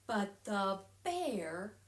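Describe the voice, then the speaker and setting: A woman children's librarian reading a picture book aloud at storytime, animated and expressive, with sound effects and whispered asides. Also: mid-range voice, a little hiss or hum. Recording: echoey room.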